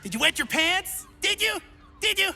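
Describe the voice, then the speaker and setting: Excitable young male adventurer-to-be. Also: sits high, takes it slowly, vocal fry, soft background music, some chatter behind, heavily acted. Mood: eager. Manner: excitable, rambling, stumbles over words. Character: eager clumsy young male would-be adventurer. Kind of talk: game character dialogue.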